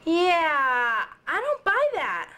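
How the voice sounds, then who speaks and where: A very high, swooping voice from a woman playing a clingy, overdramatic actress. She drawls slowly and milks every line. Everything comes out theatrical and gushing. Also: big pitch swings, sharp tone, full character voice. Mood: fussy. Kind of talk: indie comedy drama acting.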